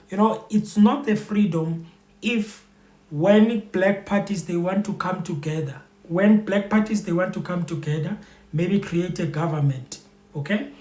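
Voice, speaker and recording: This man's voice sits high with a darkish tone, in an echoey room. A YouTube commentator from South Africa, he gives viewers loose, repetitive, rambling commentary stuffed with fillers.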